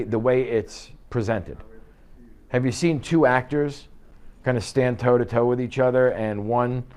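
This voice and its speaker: A man's voice: medium pitch, darkish tone. Punchy man coaching a sales class. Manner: punchy, peppers lines with "okay?" and rhetorical questions. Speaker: real estate sales trainer. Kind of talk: live training talk to a class. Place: real estate office training room.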